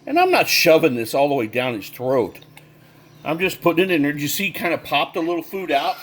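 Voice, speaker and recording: A man talks through his bird care in a relaxed how-to style, his fairly high voice rising and falling a great deal. He explains step by step, often restarting and filling pauses with "uh". A faint hiss and some chirping sit behind him. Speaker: bird breeder. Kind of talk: casual how-to demonstration.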